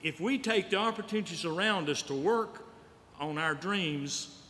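Male pastor, storytelling sermon, a little high-voiced, in a church hall with long reverb. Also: moderate pace, sharp tone, slight background noise. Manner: storytelling preacher, repeats lines for emphasis. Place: church sanctuary.

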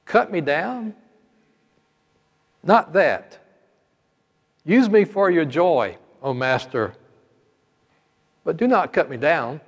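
A man voicing a gentle, devoted male bamboo plant that pleads with his master, in a sermon story. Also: fairly high pitch, animated, takes it slowly, pauses often, heavily acted. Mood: pleading. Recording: long hall reverb.

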